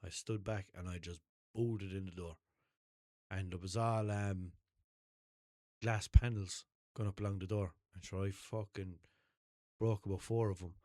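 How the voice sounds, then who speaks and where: A man's voice: lowish voice, fairly even intonation, unhurried, warm tone, no room sound, clean studio sound. A man with an Irish accent, hosting a podcast, telling a rambling story with swearing and self-corrections. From Ireland. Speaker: podcast host. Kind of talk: casual storytelling.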